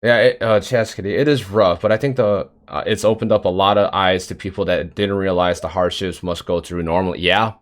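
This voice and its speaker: A man's voice: low voice, steady tone, brisk, hardly any pauses. A man hosting a casual livestream interview, swearing casually and reading out chat messages between questions. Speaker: stream interview host.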